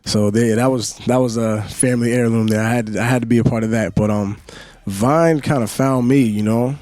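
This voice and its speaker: A young man chats as a radio interview guest. His voice sits mid-pitched and easygoing, and he rambles loosely, filling gaps with "you know". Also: steady tone, normal speed, a little mellow, no room sound. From Yonkers, New York. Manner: laid-back, rambling, peppered with "you know". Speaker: singer and Vine creator, guest. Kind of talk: casual interview talk.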